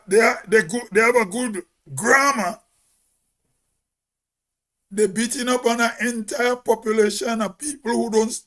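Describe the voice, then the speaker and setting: A man with a Grenadian accent giving an emphatic opinion monologue as host, with a big, loud voice and rhetorical questions. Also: very high-pitched.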